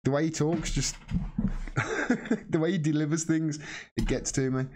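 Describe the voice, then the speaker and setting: A man's voice: a little high, fairly even intonation, a little fast, warm tone. Blunt, swearing man on a livestream. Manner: blunt, swears freely, impassioned. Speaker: livestream host answering viewer questions. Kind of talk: casual live stream chat.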